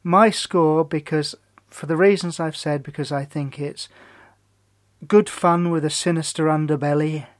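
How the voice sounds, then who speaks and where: Wry man, slightly high voice. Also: fairly even intonation, a little slow. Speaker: podcast co-host. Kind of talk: casual chat.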